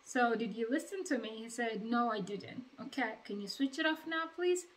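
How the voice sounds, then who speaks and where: A woman talking straight to her viewers about raising her boys. Her voice sits a little high, and she retells home moments in a lively, chatty way, slipping into the voices of the people in the story. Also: normal speed, low-quality recording. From Uganda. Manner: chatty, animated retelling with quoted dialogue. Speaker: vlogger, mother of two. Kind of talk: casual storytelling to camera.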